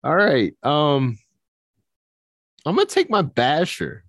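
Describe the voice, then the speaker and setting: A man co-hosting a casual movie podcast, animated, laughing often and restarting his sentences. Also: on the high side, takes it slowly, no echo, studio quality. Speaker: podcast co-host. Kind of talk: casual chat about movies.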